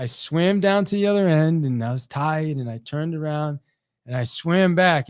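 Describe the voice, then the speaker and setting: A middle-aged man tells a motivational story to a sales audience, acting out each quoted line with a lot of energy. His voice sits fairly high for a man and keeps restarting sentences as he pushes on. The sound is dry and close, with no room around it. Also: dry recording. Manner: animated, acts out quoted dialogue, frequent restarts. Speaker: sales trainer.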